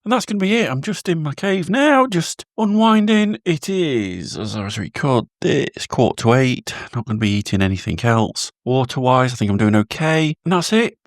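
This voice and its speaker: A man's voice: medium pitch, very animated, moderate pace, hardly any pauses, no room sound, studio quality. A British man keeping a casual, rambling video diary, chatting to his phone camera with a self-deprecating manner. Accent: British English. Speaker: vlogger.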